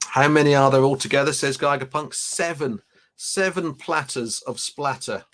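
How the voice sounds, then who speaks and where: A chatty man hosting a live stream, rambling easily as he reads out viewers' comments. His voice sits at an ordinary middle pitch, and he talks in a loose, unscripted way at a desk mic. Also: measured pace, a bit bright. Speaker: livestream host. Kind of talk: casual live unboxing chat.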